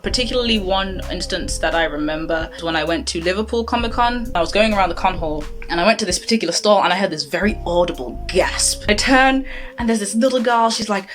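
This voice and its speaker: A woman cosplayer telling a convention story and giving advice, animated, acting out the voices of the people she quotes. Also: medium pitch, fast, faint music behind. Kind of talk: anecdote and advice.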